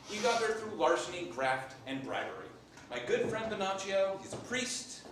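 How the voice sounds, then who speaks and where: Animated guy doing an improv monologue, highish voice all over the place, far off in an echoey room. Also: slight background noise. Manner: animated storyteller playing a Renaissance papal scribe. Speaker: improv performer. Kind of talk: in-character comic monologue. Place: live theater stage.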